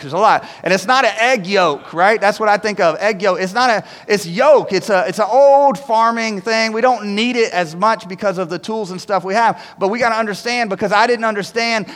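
Pastor, male, high-pitched, animated casual preaching style, church hall with long echo. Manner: conversational, animated, frequent "right?" asides. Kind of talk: sermon. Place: church sanctuary.

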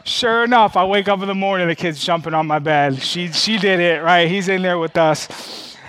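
A man's voice: high voice, moderate pace, a bit bright. A middle-aged man preaching a conversational sermon, full of stammered restarts and "okay?" check-ins to the congregation. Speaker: pastor.

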